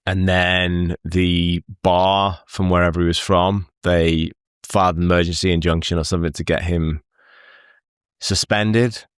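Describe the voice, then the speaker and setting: A man's voice: sits low, level tone, a little slow, clean tone, no echo, clean studio sound. A man hosting a reaction show, rambling casual commentary on courtroom clips with frequent laughs. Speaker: reaction video host.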